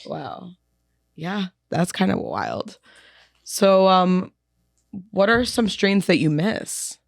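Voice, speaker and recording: A woman's voice: on the low side, sing-song, slow pace, creaky, dry recording, studio quality. A young woman co-hosting a podcast in a laid-back casual chat, laughing often and using many fillers. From New York area. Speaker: podcast co-host.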